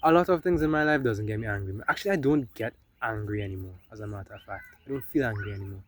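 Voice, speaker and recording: A man's voice: on the low side, fast talker, slight background noise. A man giving casual spiritual self-help talk, loose and conversational, often adding "right?" and "you know?" between points.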